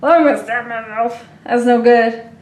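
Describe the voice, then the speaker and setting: A woman's voice: a little high, steady tone, moderate pace, a little mellow, roomy sound, a little hiss or hum. A woman unboxing toys on her own channel, gushing and playful, squealing with delight at each surprise. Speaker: toy unboxing vlogger. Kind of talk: excited toy unboxing chatter.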